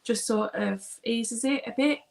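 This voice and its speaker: A woman's voice: a little high, unhurried, vocal fry. A woman as an interview guest, speaking earnestly and openly, a little hesitant. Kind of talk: interview conversation.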